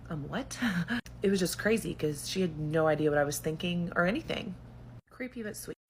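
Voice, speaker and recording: A woman's voice: lowish voice, expressive, moderate pace, slight background noise. A woman telling a short story in an amused, easygoing way. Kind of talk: casual storytelling.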